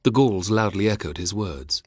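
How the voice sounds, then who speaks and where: A man narrating an audiobook in a steady storytelling manner. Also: lowish voice, moderate pace, breathy edge, no room sound, clean studio sound.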